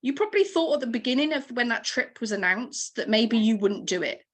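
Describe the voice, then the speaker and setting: A woman's voice: fairly high pitch, lively intonation, brisk, a bit bright. A woman in her thirties giving an encouraging, emotional motivational training to her team over a video call.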